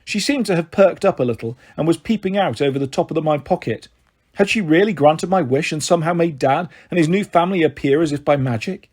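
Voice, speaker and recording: A man reading a children's novel aloud, giving an expressive first-person narration. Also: fairly high pitch, fast talker, breathy edge. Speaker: storyteller.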